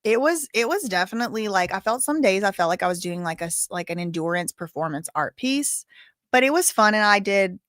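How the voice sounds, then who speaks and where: Livestream host, woman, mid-pitched, loose and chatty, lots of "like", heartfelt, dry close-miked sound. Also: lively intonation, fairly bright tone, no echo. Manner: chatty, halting, heavy use of "like", openly emotional. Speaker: livestream host reading viewer donations. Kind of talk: casual livestream chat.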